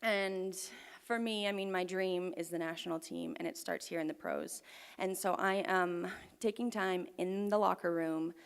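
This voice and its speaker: A young woman telling a personal story live on stage to an audience, earnest and often dropping to a hushed near-whisper. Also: on the low side, steady tone, moderate pace, vocal fry, clean tone. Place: performance venue with audience. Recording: long hall reverb.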